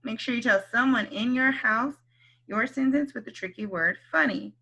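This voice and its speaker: A kindergarten teacher leads a phonics lesson, speaking slowly and clearly, encouraging the children, and stretching out letter sounds. Her voice is on the high side, bright, and forceful.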